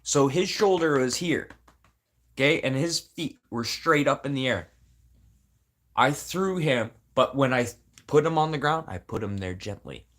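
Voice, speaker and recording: A man's voice: medium pitch, lively intonation, measured pace, a bit bright. A man, crying and venting in an angry, profane, rambling livestream rant. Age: 40s.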